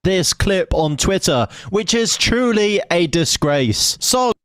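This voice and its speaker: A man co-hosting a talk show, introducing clips with sardonic, deadpan remarks. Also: high-pitched, takes it slowly, no echo, clean studio sound.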